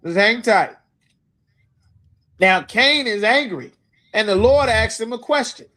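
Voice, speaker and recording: A man teaching a scripture class, speaking emphatically and asking his listeners if they understand. He reads verses slowly, then explains them in everyday talk. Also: sits high, lively intonation, pushed and bright. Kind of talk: scripture lecture.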